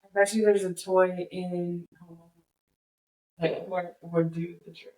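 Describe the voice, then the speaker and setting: A woman co-hosting a podcast, telling stories in a casual, animated way. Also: on the low side, unhurried. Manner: chatty, animated storyteller with frequent laughs. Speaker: podcast co-host. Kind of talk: casual chat. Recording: roomy, distant mic.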